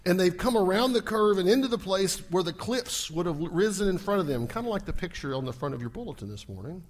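A man's voice: high-pitched, animated, quick pace. A male pastor preaching a sermon, telling the story vividly, acting out scenes and checking in with the congregation through rhetorical questions. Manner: acts out scenes, shouting at peaks.

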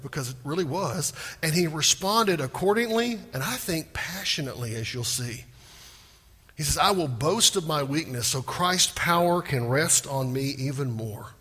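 A man preaches in a church sanctuary, his voice bright and a little raised in pitch. He acts out prayers with growing fervour, and the sound carries a long reverb from the large hall. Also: husky. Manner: animated preaching, acting out prayers in rising voice. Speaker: pastor. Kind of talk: sermon.

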